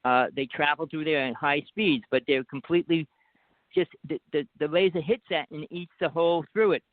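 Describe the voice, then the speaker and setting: A man's voice: a little high, moderate pace, dry recording. A man with a New Jersey accent, a guest on a call-in talk show, telling long rambling stories in an insistent way. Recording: dry, phone-like line.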